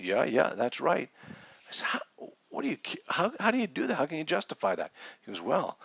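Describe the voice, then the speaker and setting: A man's voice: a little high, fairly quick, vocal fry, slightly rough, no room sound, dull audio. A man instructor presenting a seminar, telling a story and acting out the people in it. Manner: animated storytelling with quoted dialogue. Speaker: real estate investing instructor.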